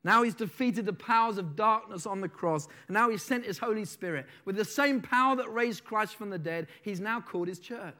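Man, sermon, high-pitched voice, dramatic shifts from loud to hushed, preacher. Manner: dramatic swings between loud declarations and soft, slowed phrases; reads a testimony aloud with feeling.

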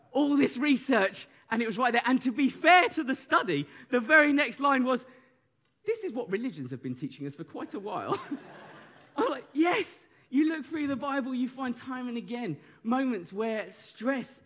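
Male preacher, young, animated and chatty, slightly high voice. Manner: animated, conversational, audience participation. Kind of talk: sermon.

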